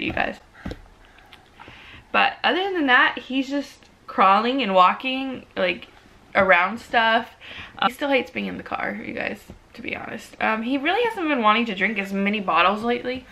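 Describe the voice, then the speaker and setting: A young woman, a mom, chatting casually in a home video about her baby, sick at the moment, and sometimes cooing to him in a high sing-song voice. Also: animated, normal speed, creaky, pushed and bright. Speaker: mom vlogger. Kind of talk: casual baby update vlog. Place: home living room. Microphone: camera on a tripod.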